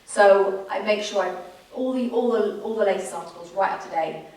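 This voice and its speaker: A woman in her thirties with an English accent, a sports broadcaster telling animated stories in an on-stage conversation. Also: medium pitch. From England. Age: 30s. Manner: quick, animated storyteller. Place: school event hall. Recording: echoey hall from far off.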